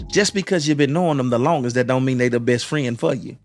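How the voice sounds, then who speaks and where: A man's voice: mid-range voice, fast talker, hardly any pauses, soft background music. A man hosting a live stream, giving relationship advice in a preachy way, repeating phrases and restarting often. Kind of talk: motivational live-stream talk.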